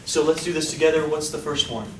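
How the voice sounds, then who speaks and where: Fast and fairly high-pitched, a male statistics lecturer teaches an upbeat class, firing questions at students and coaxing out their answers. The recording comes from a distant mic in an echoey room with background noise.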